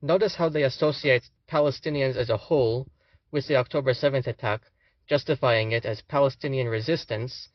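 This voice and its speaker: A man's voice: mid-range voice, dry recording, lo-fi sound. A young man, a student, giving a scripted commentary voice-over with sardonic, indignant asides. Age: young adult.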